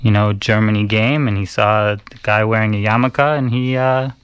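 A man talks on community radio, recounting something that happened to him. His voice sits low and smooth, and the sound is close and dry. He speaks haltingly, with many ums and restarts. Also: fairly even intonation, no room sound. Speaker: radio host. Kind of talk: casual radio talk, personal story.

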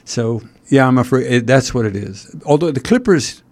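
A man hosting a talk show in casual chat, rambling and halting with frequent fillers and wry asides. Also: medium pitch, animated, a little mellow. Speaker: host.

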